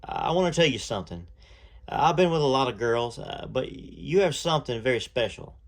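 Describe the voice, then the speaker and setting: A man voicing a shy, earnest young male singer with a Southern accent who stammers and hesitates as he speaks softly. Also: medium pitch, sing-song, normal speed, vocal fry. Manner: stammering, hesitant, soft-spoken.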